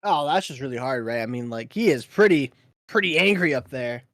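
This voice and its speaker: A man casting an esports match, easygoing, laughing often and filling pauses with ums. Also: mid-range voice, lively intonation, a bit bright, dry recording, clean studio sound. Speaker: esports caster. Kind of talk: play-by-play commentary.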